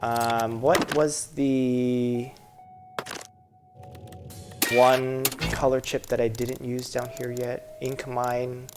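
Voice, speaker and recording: A woman's voice: a bass voice, level tone, very slow, pauses often. A woman streamer giving casual, rambling, joking commentary while playing, talking to her viewers. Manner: rambling, joking, talks to chat. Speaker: game streamer. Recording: game music behind voice.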